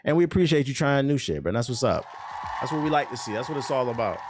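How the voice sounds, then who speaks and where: A man's voice: medium pitch, fast talker, background noise. A man streaming about gaming news, ranting and joking with lots of swearing and sarcasm. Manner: animated, swearing, sarcastic, laughs often. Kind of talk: casual profane reaction rant.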